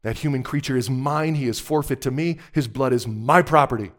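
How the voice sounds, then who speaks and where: A man's voice: mid-range voice, a little fast, close to an everyday voice. A man voicing the White Witch, a cold, imperious queen who scornfully demands what she claims is hers. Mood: cold, demanding. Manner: commanding, scornful, rising to loud demands.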